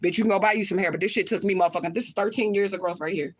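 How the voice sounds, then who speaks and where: Fast-talking profane woman livestreamer. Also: mid-range voice, fairly even intonation. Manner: heated, profane, talks straight to chat. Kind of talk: livestream rant to viewers.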